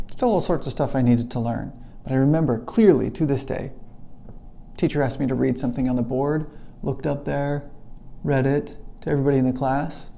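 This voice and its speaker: A middle-aged man, an English teacher, telling a personal story to camera in an earnest way, slowing down and dropping to a hush at the emotional moments. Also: medium pitch, creaky, slight background noise.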